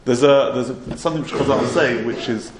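A man's voice: medium pitch, brisk, noisy background. Man telling a Torah lesson story. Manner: earnest storytelling with restarts. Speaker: Torah teacher. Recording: roomy echo, faint ambience.

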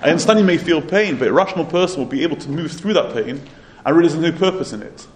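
A man's voice: fairly high pitch, lively intonation, fast talker, a little mellow. A man teaching a Torah lesson, retelling a Midrash in an earnest storytelling manner with occasional restarts. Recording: roomy echo, faint ambience.

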